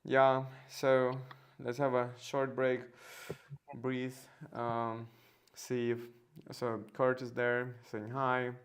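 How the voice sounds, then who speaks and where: A man's voice: mid-range voice, monotone, drawn-out words, smooth. A man hosting a casual live stream, talking hesitantly with many fillers and restarts. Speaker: host.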